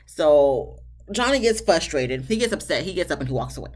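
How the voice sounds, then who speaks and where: A woman's voice: deep voice, sing-song, fairly quick. A woman recapping a reality TV episode in casual chat, candid and chatty, stopping to vent at the people on the show. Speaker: TV show reviewer.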